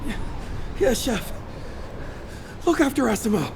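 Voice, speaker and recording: A shaken young hunter in a video game, hesitant and stumbling over her words. Her voice sits slightly high. Steady ambient noise runs beneath her lines. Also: unhurried, creaky, exaggerated voice. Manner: hesitant, breathless storytelling. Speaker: game character.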